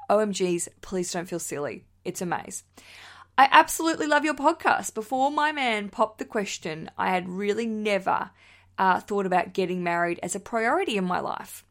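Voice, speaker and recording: An Australian woman, likely in her thirties, hosting a wedding podcast in a bubbly, chatty way, laughing often and swearing casually as she reads listener messages. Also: medium pitch.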